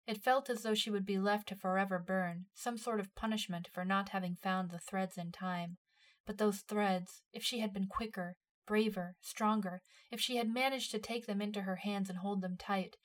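Woman reading a story aloud. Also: mid-range voice. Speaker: narrator. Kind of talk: storytelling narration of fan fiction.

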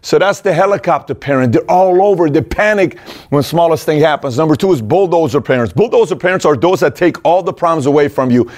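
A man's voice: a little high, quick pace, darkish tone. A middle-aged man hosting a show, talking casually and with energy, now and then acting out parents in raised voices. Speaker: host. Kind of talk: casual direct-to-camera talk.

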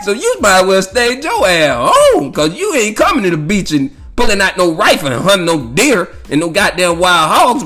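High, lively, laughing storyteller man. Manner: profane, laughing, rambling with many fillers. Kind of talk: casual storytelling monologue.

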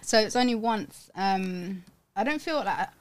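A mother tells stories as a podcast guest, animated and acting out the voices of the people in them. Her voice is recorded dry and close. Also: medium pitch, a little slow, dry recording. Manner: animated storyteller, acts out quotes. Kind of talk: casual chat.

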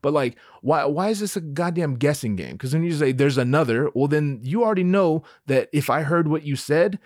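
A man's voice: a little high, lively intonation, a little fast, a little mellow, no room sound, studio quality. A man doing a comedic rant monologue, profane and rambling, with lots of slang.

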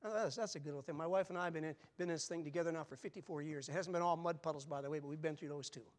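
Older man, pastor, high-pitched voice, sermon, emphatic then quiet and chatty. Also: steady tone, very fast. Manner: swings from loud emphatic preaching to quiet conversational asides.

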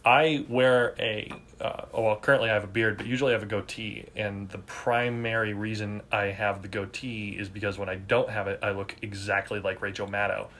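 A man's voice: fairly low pitch, flat delivery, a little fast, hardly any pauses, fairly bright tone, slight background noise. A man co-hosting a podcast, telling easygoing, self-deprecating stories in casual chat. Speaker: podcast co-host.

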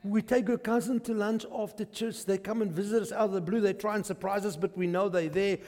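A man with a South African accent preaching a testimony sermon, an animated storyteller who swings from hushed to shouting. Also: high-pitched, a little fast, long reverb tail. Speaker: pastor. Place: church.

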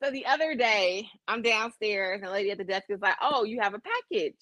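A young woman co-hosting a casual chat, telling a story with lively swearing and acted-out voices. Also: medium pitch, a little fast, dry recording. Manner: animated storyteller, swears freely, acts out voices and accents. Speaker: podcast co-host.

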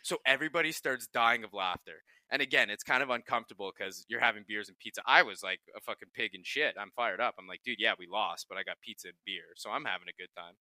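Bright-voiced man telling locker-room stories. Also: fairly low pitch, fast talker, few pauses, dry recording. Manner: profane, laughing anecdotes. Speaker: podcast co-host, pro hockey player. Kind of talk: casual storytelling chat.

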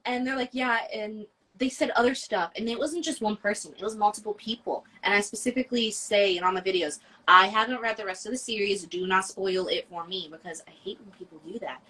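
A woman co-hosting a casual podcast, telling stories in an animated, dramatic way with quick asides. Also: mid-range voice, rough recording. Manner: animated, dramatic retelling with laughter. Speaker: podcast co-host. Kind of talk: casual chat about books.

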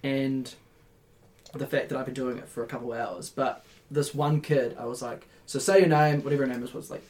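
A man's voice: medium pitch, flat delivery, darkish tone. A young man with a New Zealand accent, co-hosting a casual podcast chat and telling stories with frequent laughter. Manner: laughs often, quick storytelling. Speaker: podcast co-host.

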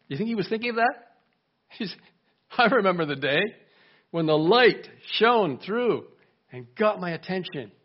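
A man preaching a sermon in a lively way, acting out the voices he quotes and asking his congregation questions. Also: fairly high pitch. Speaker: pastor. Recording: dull lo-fi recording.

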